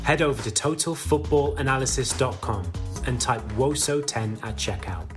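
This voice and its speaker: A man's voice: medium pitch, moderate pace. A man giving an upbeat scripted ad read. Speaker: ad reader. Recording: music bed.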